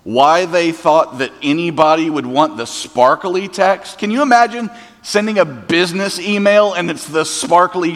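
A man preaching a sermon as a pastor, conversational, with humorous asides. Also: on the high side. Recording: long church hall reverb.

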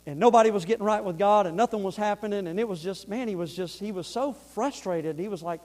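A man's voice: high-pitched, fast, a little mellow. A man preaching a fervent sermon, repeating words and asking the congregation if they follow.

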